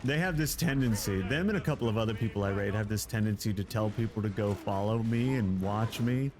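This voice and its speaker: A man's voice: fairly low pitch, a little fast, a crowd in the background. A man streaming a game live, chatting with viewers and joking around. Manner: playful, joking, laughs often. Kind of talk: casual live gameplay commentary.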